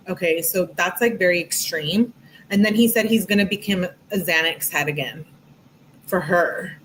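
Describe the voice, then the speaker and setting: A woman's voice: lowish voice, normal speed, a bit bright, a little hiss or hum, poor audio. A woman giving casual, earnest true crime commentary, talking in a chatty way with lots of "like". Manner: chatty, heavy use of "like"; earnest, emphatic. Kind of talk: casual commentary while reading texts.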